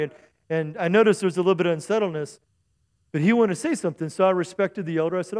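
Preaching a sermon in church, this pastor speaks fast in a high, slightly mellow voice. His delivery is chatty and full of jokes, with call-and-response asides asking the congregation for an "amen".

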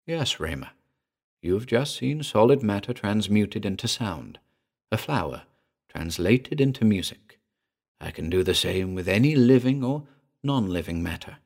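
A man's voice: fairly low pitch, expressive, a little slow, creaky, darkish tone, heavily acted. A man voicing an obsessed male composer and inventor who explains his work in an intense, lecturing way. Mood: measured.

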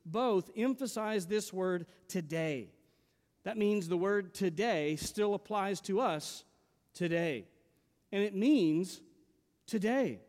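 Earnest high-voiced male preacher in a hall. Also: a little mellow. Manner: earnest, emphatic preaching with repeated phrases. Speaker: pastor. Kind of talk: sermon.

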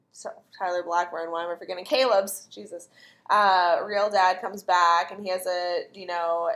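A woman's voice: lowish voice, fairly bright tone. A woman co-hosting a podcast, casually recapping a TV episode and swearing freely as she acts out the characters' lines. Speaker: podcast co-host.

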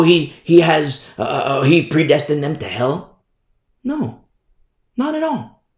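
A man's voice: mid-range voice, a little mellow. A man preaching a sermon in an emphatic way, often asking "you see?". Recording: echoey room.

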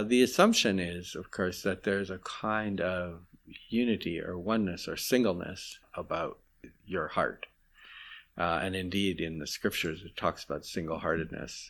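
Low gravelly man, reflective interviewee, halting and confessional. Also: fairly bright tone. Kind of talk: reflective spoken testimony.

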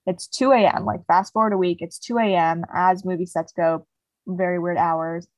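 A woman's voice: fairly low pitch, fairly even intonation, normal speed, no room sound, poor audio. A young woman co-hosting a podcast, casually retelling a book's plot with lots of "like" fillers. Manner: rambling retelling, heavy "like" fillers. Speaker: podcast co-host. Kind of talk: casual book chat.

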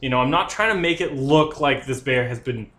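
Man, tabletop player, rambling, fillers, bright tense voice, echoey room. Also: medium pitch, animated, a little fast. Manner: rambling, filler-heavy, describes actions. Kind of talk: tabletop game play. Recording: echoey room with faint hiss.

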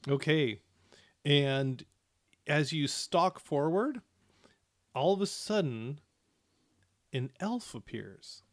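Guy running a tabletop game, kinda halting, lots of ums, dry close sound. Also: on the high side, animated, no room sound. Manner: hesitant, many fillers and restarts. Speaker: game master.

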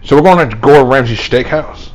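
A man's voice: mid-range voice, fairly quick. A man trading jokes and rambling stories in casual banter. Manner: joking, rambling, animated bursts.

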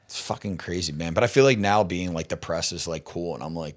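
A young man, a stand-up comedian guest on a podcast, talking in a casual, rambling way, full of "like" and "dude" and quick laughs. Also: low voice. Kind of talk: casual chat.

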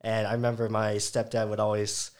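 Chill guy in his 20s, smooth clear voice, slangy casual chat. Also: fairly low pitch, monotone, brisk. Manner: laid-back, laughs often, slangy. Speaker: guest, breakdancer.

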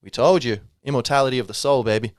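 A man's voice: mid-range voice, fast talker, no echo, clean studio sound, natural voice. A man putting on a smug Irish pharaoh. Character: boastful ancient Egyptian pharaoh, male.

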